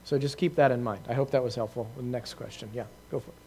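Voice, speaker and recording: A man's voice: medium pitch, steady tone, fast, vocal fry, darkish tone, a little hiss or hum. A man giving an informal talk to a group, telling a story in a conversational way with many fillers, restarts and laughs at himself. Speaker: preacher answering questions.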